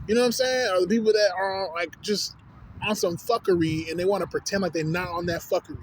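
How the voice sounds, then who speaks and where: Fast-talking, high-voiced man ranting. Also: a little hiss or hum, poor audio. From Texas. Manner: profane, animated storytelling with slang fillers. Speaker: vlogger. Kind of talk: casual rant to camera.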